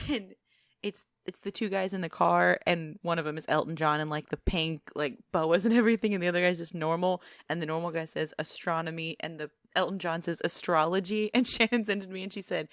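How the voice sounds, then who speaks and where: A woman's voice: fairly low pitch, creaky, no echo, clean studio sound. A young woman co-hosting a podcast, chatting casually and laughing often while she tells stories. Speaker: podcast co-host. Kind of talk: casual chat.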